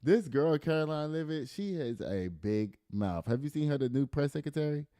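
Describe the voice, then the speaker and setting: A man with a slightly high voice hosts a casual news commentary podcast, reading headlines and then riffing on them with laughs and swearing. He's animated and moves at a moderate pace, in clean studio sound with no room noise.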